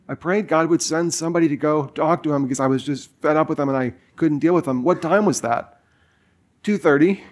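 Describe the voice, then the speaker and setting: A man's voice: fairly high pitch, normal speed. A man in his forties preaching a sermon, telling a personal story in a casual way with lots of fillers. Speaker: pastor.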